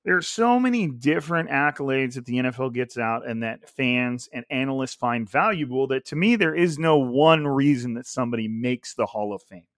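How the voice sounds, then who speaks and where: A man's voice: medium pitch, expressive, normal speed, few pauses, a bit bright, no echo, studio quality. A man hosting a casual solo sports podcast, rambling and thinking aloud with frequent restarts and asides. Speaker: podcast host. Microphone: gaming headset.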